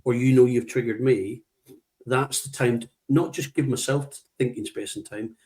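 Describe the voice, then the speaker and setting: This middle-aged British leadership trainer gives a conversational, anecdotal interview at normal speed, his medium-pitched voice darkish and fairly even. He speaks emphatically, repeats key words, and performs what he would say.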